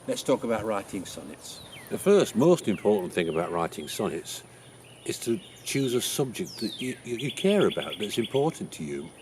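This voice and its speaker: An actor with an English accent playing the playwright Shakespeare, chattily teaching how to write a sonnet. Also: male voice, lowish voice, very animated, moderate pace, darkish tone, slight background noise. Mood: friendly teaching. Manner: chatty, explains things with homely examples. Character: William Shakespeare, chatty old male playwright. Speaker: writing teacher. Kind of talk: in-character writing lesson.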